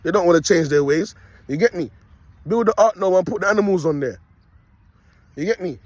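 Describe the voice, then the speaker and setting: This young man rambles preachily into his phone camera as he walks his dog outdoors, peppering his talk with "you get me" and "people," like a self-appointed prophet. He speaks a little fast in a high voice with a darkish tone, and the audio has no echo.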